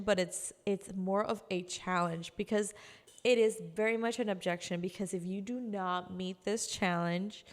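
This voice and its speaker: A woman giving casual sales training, chatty, acting out customer calls in quick voices. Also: medium pitch, long reverb tail. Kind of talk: casual instructional talk.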